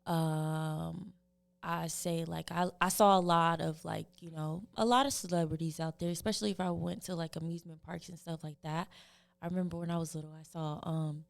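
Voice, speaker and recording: A woman in her twenties with a Californian accent tinged with Southern, chatting casually as a guest, relaxed with many pauses and fillers. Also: deep voice, creaky. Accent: Californian mixed with Southern. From family from California, living in the Carolinas. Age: 20s. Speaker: guest musician. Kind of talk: casual interview chat.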